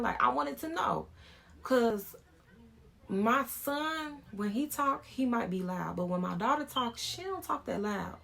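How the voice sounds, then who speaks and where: Woman, 30s, vlogger, candid personal storytelling, gravelly voice, informal and frank. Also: a little high, lively intonation, unhurried, fairly bright tone. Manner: frank and informal, talking things through.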